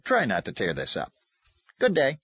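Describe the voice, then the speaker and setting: Firm cool lawyer , voiced by a male reader, husky edge, muffled dry recording. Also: medium pitch, huge pitch swings, normal speed, a bit bright, no room sound, voice pushed up, exaggerated voice.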